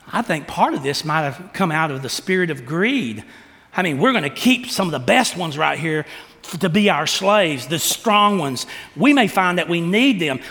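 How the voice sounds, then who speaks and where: A man preaching a sermon, asking the congregation rhetorical questions and acting out quotes with animated delivery. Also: on the high side, in a large hall. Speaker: pastor.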